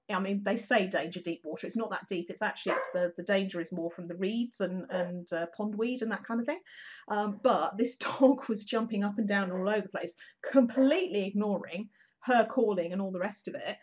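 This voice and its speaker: Chatty woman telling a story. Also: medium pitch. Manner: chatty, animated, acts out quotes, frequent fillers. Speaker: regular contributor. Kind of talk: casual storytelling chat.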